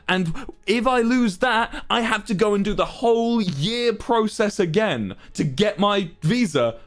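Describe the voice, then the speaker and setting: A young man streaming, telling his chat a story as an exasperated, swearing rant. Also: high-pitched. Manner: exasperated, swearing, building to outbursts.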